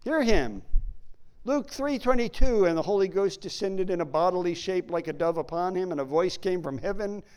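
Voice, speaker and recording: A man teaching a sermon who reads scripture aloud and slows down to stress key words. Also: high-pitched, a little mellow, clean tone. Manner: reads King James verses aloud. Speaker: Bible teacher.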